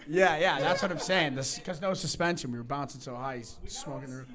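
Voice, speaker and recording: A man's voice: fairly high pitch, fairly quick, a crowd in the background. A young adult man, a hockey player guest, telling casual rambling anecdotes with fillers and laughs. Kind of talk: casual storytelling.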